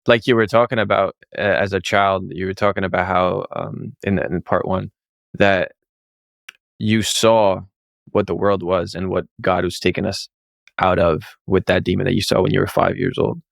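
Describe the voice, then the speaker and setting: A man's voice: low voice, little pitch movement, moderate pace, creaky, no echo, studio quality. A man hosting a conversation who speaks in a hesitant, reflective way. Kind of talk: casual conversation.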